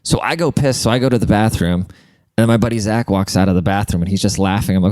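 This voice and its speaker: Low, mellow-voiced man telling crude stories. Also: steady tone, quick pace, dry recording, studio quality. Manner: rambling and crude, heavy use of "like". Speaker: podcast host and comedian. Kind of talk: casual comedic storytelling.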